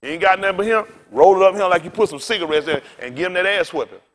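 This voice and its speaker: A man's voice: high-pitched, quick pace. A male pastor preaching a rowdy, colloquial sermon, calling out to his congregation for responses.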